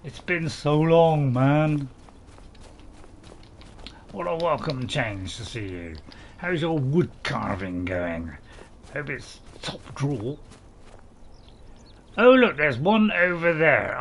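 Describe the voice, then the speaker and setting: A middle-aged gaming streamer chats casually with his viewers while playing, rambling, joking, and restarting his sentences often. His fairly high voice is animated, yet he speaks slowly with long pauses.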